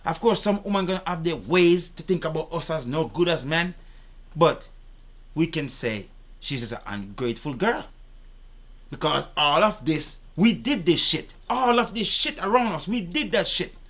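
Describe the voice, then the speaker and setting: A man's voice: on the high side, expressive, moderate pace, a bit bright. A man giving indignant, profane reaction commentary. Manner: indignant, profane, repetitive ranting. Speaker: reaction video host.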